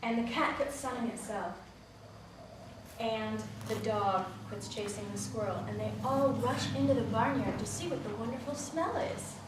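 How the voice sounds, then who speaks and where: A woman's voice: a little high, moderate pace, noisy background. A woman telling a story to a group of children, asking them questions as she goes. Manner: lively, asks the listeners questions. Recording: echoey room from far off.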